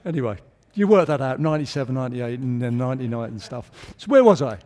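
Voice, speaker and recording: A man's voice: mid-range voice, animated, fast, dark tone. A middle-aged man as a guest in a live on-stage interview, telling jokey anecdotes with chuckles. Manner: chatty anecdotal storyteller, jokes and chuckles. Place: theatre stage.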